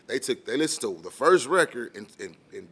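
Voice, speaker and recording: A man from San Diego County, a rapper guest on a podcast, telling a long story quickly and acting out the voices of the people in it. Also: medium pitch, big pitch swings, bright, forceful tone. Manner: fast, rambling, acts out quoted voices. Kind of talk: storytelling in casual podcast chat.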